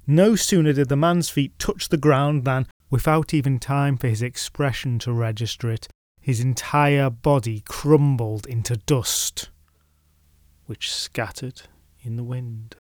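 A man's voice: medium pitch, fairly even intonation, a little slow, a little mellow, no echo, studio quality. A man narrating a medieval legend in a wry, conversational way, adding his own asides. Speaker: storyteller.

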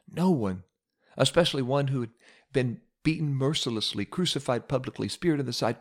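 Man preaching, mid pitch, storytelling sermon, rhetorical repetition. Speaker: pastor.

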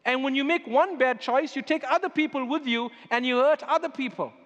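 High-voiced preaching man, echoey church. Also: brisk, a bit bright, highs cut off. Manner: emphatic preaching, storytelling asides. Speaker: pastor. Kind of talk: sermon. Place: church sanctuary. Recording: echoey church hall with music underneath.

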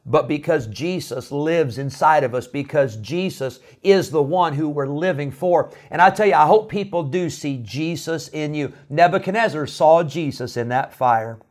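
A man preaching an earnest, conversational devotional sermon with emphatic asides. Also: a little high.

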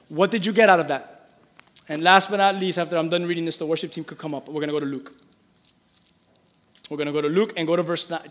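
Pastor, male, high voice, lively sermon delivery with call-and-response, church hall reverb. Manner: lively, calls for congregation responses, reads scripture aloud.

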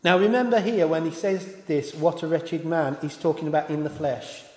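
A man's voice: a little high, moderate pace. A man preaching a sermon in an informal way, often stopping to correct himself and apologise. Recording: echoey hall with long reverb.

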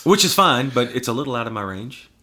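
A man's voice: mid-range voice, sing-song, quick pace, pushed and bright. A man guesting on a podcast, telling stories in casual chat and acting out the voices of the people in them. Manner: storytelling, acts out voices, laughs often.

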